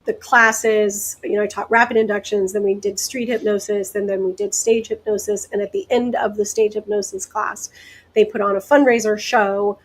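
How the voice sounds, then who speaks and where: A woman from the American Deep South, a guest hypnotist telling stories in a casual interview, chatty and quick to laugh. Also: rough recording. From Deep South, United States. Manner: chatty, laughs often, lively asides.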